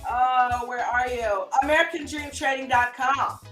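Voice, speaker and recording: Woman, live stream host, casual chat, bright tone, slightly high voice, faint music behind. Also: fairly even intonation, measured pace. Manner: upbeat, chatty, pitching memberships.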